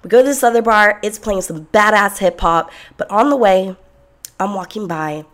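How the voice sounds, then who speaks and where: A young woman telling a personal story in a blunt, profane, sarcastic and animated way. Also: mid-range voice, normal speed. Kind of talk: casual storytelling.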